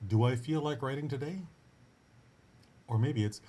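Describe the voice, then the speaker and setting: This writing coach and podcast host has a medium-pitched, dark-toned voice and speaks at a normal speed. He delivers a casual, motivational coaching monologue, earnest and encouraging, often restarting sentences and tossing in upbeat asides.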